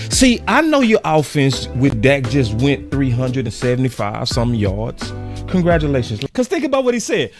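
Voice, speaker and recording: Fired-up high-voiced man ranting. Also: animated, moderate pace, soft background music. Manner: heated, repeats himself for emphasis. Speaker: sports commentator. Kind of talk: fan rant about a football game.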